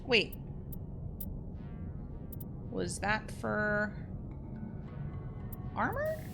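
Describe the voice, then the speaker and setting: A woman commenting on her gameplay as host, chatting to the game's characters and yelping loudly when startled. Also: fairly high pitch, very animated, unhurried. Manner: chatty, talks to game characters, startled into loud yelps. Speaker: let's play host. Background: game music and gunfire.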